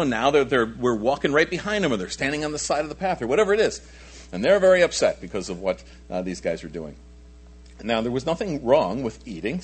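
A man preaching a conversational Bible lesson, animated, asking his listeners rhetorical questions. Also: medium pitch, husky. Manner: animated, asks rhetorical questions, frequent restarts. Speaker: pastor teaching a Bible study. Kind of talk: conversational sermon.

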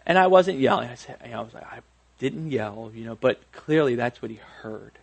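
A man in his thirties gives a sermon in a relaxed, conversational way. He often restarts his sentences, adds friendly asides and pokes fun at himself. His voice sits at an ordinary middle pitch. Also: a little fast, vocal fry, breathy edge. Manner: conversational, self-deprecating, many restarts and asides. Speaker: pastor.

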